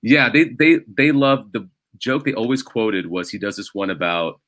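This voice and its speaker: A man speaks as a stand-up comedian on a casual podcast. His voice sits low but cuts through with a bright, forceful edge. He rambles and pokes fun at himself. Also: animated, moderate pace, no echo. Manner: rambling self-deprecating storytelling. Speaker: guest comedian.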